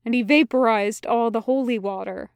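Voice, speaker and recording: A woman's voice: on the high side, moderate pace, clean tone, no echo, clean studio sound, natural voice. A woman voicing a frightened male demon who pleads and stammers earnestly. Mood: pleading.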